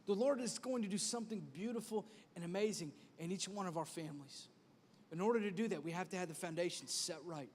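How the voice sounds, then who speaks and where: A man's voice: high-pitched, quick pace, a little mellow, slight background noise. A male pastor preaching a sermon with energy, using comic stories and repeated exhortations, in a church auditorium. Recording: echoey church hall.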